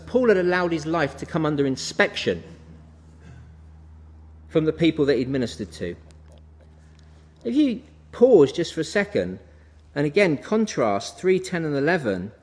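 A man preaching a sermon, working through scripture verse by verse with emphatic rises and falls in his delivery. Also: on the high side. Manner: expository, reading and explaining scripture verse by verse; emphatic, with rising and falling delivery.

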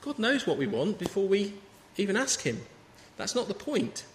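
A man in his thirties preaches a sermon and tells stories in a conversational way. His voice sits a little high. The hall has a long reverb and a faint ambient hum behind it. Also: sing-song, normal speed.

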